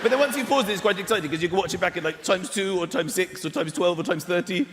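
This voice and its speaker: Sarcastic male stand-up, high pitch, noisy live theatre crowd. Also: fast, big-room sound. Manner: wry, sarcastic, puts on posh mocking voices. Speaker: stand-up comedian. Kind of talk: stand-up comedy.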